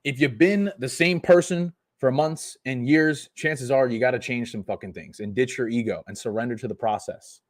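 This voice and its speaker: A man's voice: mid-range voice, normal speed, few pauses. A man in his twenties, a fitness coach, ranting emphatically and profanely on a live podcast. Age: 20s.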